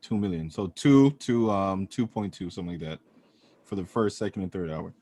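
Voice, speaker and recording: A man co-hosting a casual podcast, retelling events and acting out quotes in a loose, animated way. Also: low-pitched, moderate pace. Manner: animated storytelling, acts out quotes. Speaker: podcast co-host. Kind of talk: casual chat.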